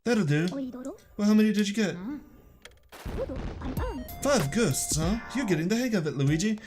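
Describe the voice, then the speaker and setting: A fussy old ghost-hunting inventor from a video game, speaking in a posh put-on British accent, as a man voices him. The voice is pitched a little above a normal speaking voice, and game music plays behind. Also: animated, moderate pace. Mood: instructive. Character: eccentric old male ghost-hunting scientist.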